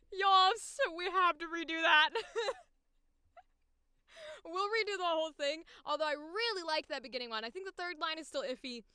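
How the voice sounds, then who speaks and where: A woman's voice: very high voice, fairly quick, hardly any pauses, bright, forceful tone. A woman chatting casually on a live stream about her voice acting takes, often breaking into giggles. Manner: giggly, bursts into squealing laughs. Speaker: voice actor streaming auditions.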